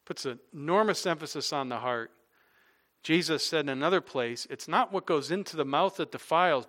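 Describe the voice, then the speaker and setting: A man's voice: on the high side, a bit bright. A male pastor preaching a sermon, telling everyday stories, repeating his main point with emphasis, and closing in prayer. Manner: illustrative storytelling and emphatic repetition, closing in prayer.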